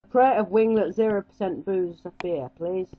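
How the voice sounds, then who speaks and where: A woman's voice: mid-range voice, moderate pace, close to an everyday voice. Casting: woman playing a laid-back young chicken son, plain mid voice, lo-fi home recording. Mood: casual. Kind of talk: amateur cartoon voice acting.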